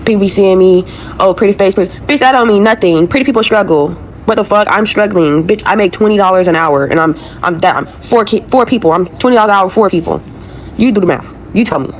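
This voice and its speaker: A woman's voice: medium pitch, lively intonation, quick pace, a little hiss or hum. A young woman venting a profane, exasperated rant to her followers, repeating herself as she talks about her struggles. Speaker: woman in a viral video clip.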